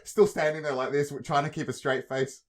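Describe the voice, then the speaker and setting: A man's voice: a little high, fairly quick. A young man, co-hosting a podcast, telling stories casually with lots of swearing and laughter. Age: young adult. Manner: swearing, laughing, animated storytelling. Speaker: podcast co-host. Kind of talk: casual chat, storytelling.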